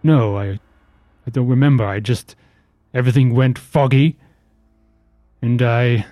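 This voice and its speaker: A man voicing a confused, gruff male dwarf captive who speaks haltingly, with faint music behind. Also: medium pitch, warm tone, dry recording, close to an everyday voice. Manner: halting, disoriented.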